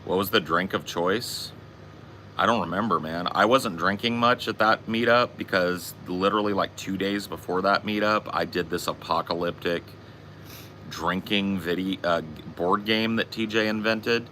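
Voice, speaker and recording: Low bright-toned guy swearing through a story, faint noise behind. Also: normal speed. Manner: swearing, animated anecdote-telling. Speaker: podcast host. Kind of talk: casual storytelling chat.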